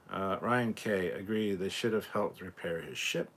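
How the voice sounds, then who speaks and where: A Scottish man with a notably deep, low-pitched voice hosts a relaxed live stream. He reads viewer comments aloud and answers them in a loose, chatty way, swearing freely as he goes. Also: normal speed, few pauses, breathy edge. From Scotland.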